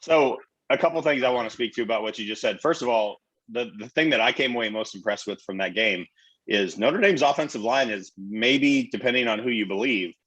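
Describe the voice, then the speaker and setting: Low male co-host, relaxed, agreeable, dull lo-fi recording, dry. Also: husky, no echo. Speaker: sports radio co-host. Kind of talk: casual sports talk. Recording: dull lo-fi sound.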